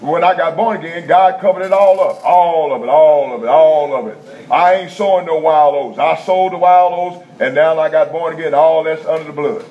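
A man's voice: fairly high pitch, normal speed, hardly any pauses. A male preacher, preaching a folksy, repetitive sermon in a prison chapel that builds to emphatic bursts. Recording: dull lo-fi recording, faint room ambience.

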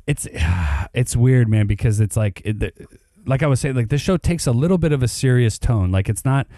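A man's voice: mid-range voice, animated, normal speed, dark tone, no echo, clean studio sound. A man co-hosting a podcast, chatting casually about a TV show, rambling with lots of fillers. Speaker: podcast co-host. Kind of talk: casual chat reviewing a TV show.

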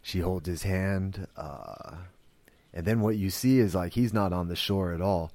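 A man with a low voice talks through his podcast in a casual, wandering way. He restarts his sentences often and fills the gaps with "like" and "you know". He sounds earnest and easily moved. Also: unhurried, a little mellow, no room sound. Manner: rambling, with many fillers and restarts; earnest and emotional. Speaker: podcast host. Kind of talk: casual spoken commentary.

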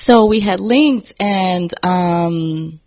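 A woman hosting a casual podcast chat, telling animated stories and acting out what people said, often laughing. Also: lowish voice, very slow, dull audio. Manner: animated storytelling, acts out quotes, laughs often. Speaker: podcast host.

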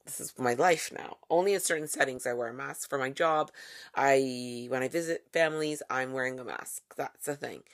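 A woman's voice: very deep voice, normal speed. A woman hosting a podcast, talking in a casual, wry monologue with playful asides. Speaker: podcast host.

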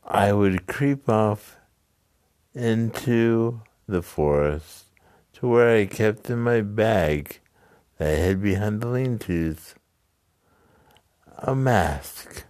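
A man casually telling a story, halting now and then with restarts and asides. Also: lowish voice, a little mellow, no room sound, studio quality.

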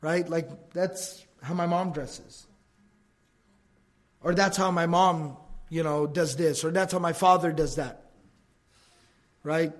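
A man with a notably high voice lectures a religious class in an easy, talky way. He keeps asking "right?" and slips into quick impressions of the people he quotes. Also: steady tone. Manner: acts out quoted remarks. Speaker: religious teacher.

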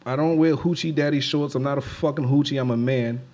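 A man in casual chat who talks in an animated, emphatic way and laughs often. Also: mid-range voice, a little fast, dull audio.

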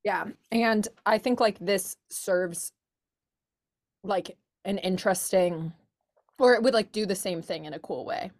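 A woman's voice: mid-range voice, unhurried. A young woman, a university student, co-hosting a book club podcast and chatting casually with friends, full of "like" fillers as she thinks aloud. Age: young adult. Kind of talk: casual chat.

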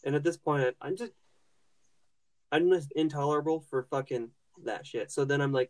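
A man's voice: a little high, moderate pace, darkish tone. A young man hosting a podcast, telling a rambling, swear-heavy story with lots of restarts and fillers. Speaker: podcast host. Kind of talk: casual profane storytelling.

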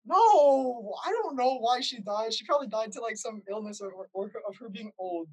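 A man's voice: very high-pitched, expressive, moderate pace, slightly rough, low-quality recording. A young man chatting as a podcast guest, teasing and giggly, often trailing off and restarting. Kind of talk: casual chat.

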